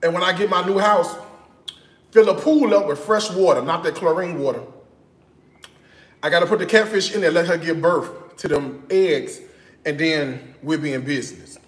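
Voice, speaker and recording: A man vlogging in his home kitchen, chatting in a sassy, animated way with speech. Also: on the high side, moderate pace, roomy sound. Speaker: cooking vlogger. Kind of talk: casual chat.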